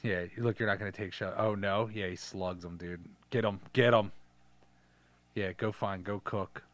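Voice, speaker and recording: A man co-hosting a casual podcast, riffing crudely on a film and slipping into quick character voices as he swears his way through the scenes. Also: on the low side, fairly even intonation, dry recording. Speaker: podcast co-host. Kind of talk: casual crude movie-riff chat.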